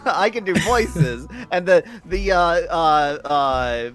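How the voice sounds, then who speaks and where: A man joining a game stream as a guest, giving tips and chuckling between halting remarks. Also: fairly high pitch, expressive, a bit bright. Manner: chuckling, hesitant with fillers. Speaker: guest co-commentator. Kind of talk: casual gameplay chat. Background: game music.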